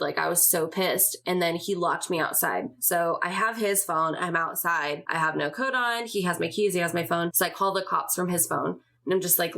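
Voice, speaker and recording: A woman's voice: fairly low pitch, fairly even intonation, moderate pace, gravelly, few pauses, a bit bright. A young woman hosting a podcast, telling a personal story in a candid, casual way, full of swearing and fillers. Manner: casual, profane, filler-heavy. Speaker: podcast host.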